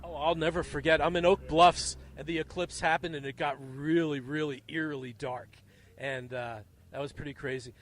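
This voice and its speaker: Animated man hosting an airfield interview. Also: on the high side, moderate pace. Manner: animated storyteller, jokey. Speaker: host. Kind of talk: field interview. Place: outdoors at a small airfield. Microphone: handheld mic.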